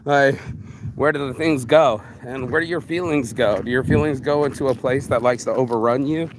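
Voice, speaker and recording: A man's voice: mid-range voice, moderate pace, noisy background. A man vlogging outdoors while picking up litter, ranting bluntly and profanely in streetwise slang, calling everyone bro. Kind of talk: ranting walk-and-talk vlog.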